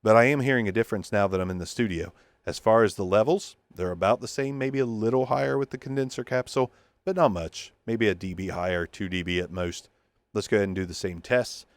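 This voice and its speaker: Low-voiced guy reviewing a mic in his home studio, joking around, dry close sound. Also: fast talker, no echo. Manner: joking, thinking aloud as he tests. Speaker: microphone reviewer. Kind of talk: casual gear review. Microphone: testing a handheld wireless mic.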